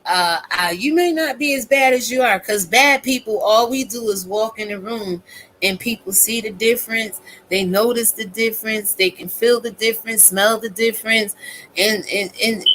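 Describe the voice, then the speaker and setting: A woman's voice: a little high, moderate pace, fairly bright tone, slight background noise, poor audio. A woman content creator ranting casually to her viewers, blunt, profane and preachy.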